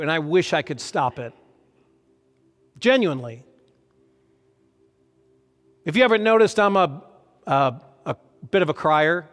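A man preaching a sermon as a pastor, earnest and emotional, with lively emphasis. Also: a little high. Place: church hall. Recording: long hall reverb.

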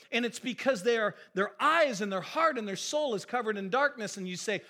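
A male pastor preaching a sermon in an animated, emphatic, conversational way. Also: high voice, moderate pace, hardly any pauses.

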